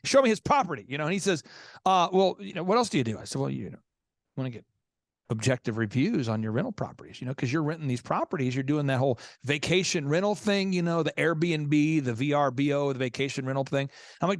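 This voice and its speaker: A male podcast host tells stories with high energy and voices both sides of each conversation. His voice sits high and swoops widely. The studio recording is close and dry. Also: sing-song, fast talker, dry recording. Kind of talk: animated storytelling.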